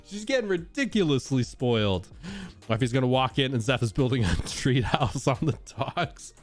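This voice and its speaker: A man's voice: medium pitch, expressive, moderate pace, faint music behind. A man casually chatting on his live stream while playfully coaxing his dogs through a treat trick, laughing often.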